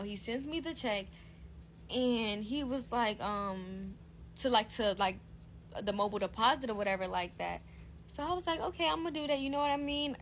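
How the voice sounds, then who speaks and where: A woman's voice: a little high, a little hiss or hum. A young woman telling a casual storytime vlog, full of fillers and acting out both sides of a conversation. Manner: animated retelling, heavy fillers, acts out both sides. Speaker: vlogger.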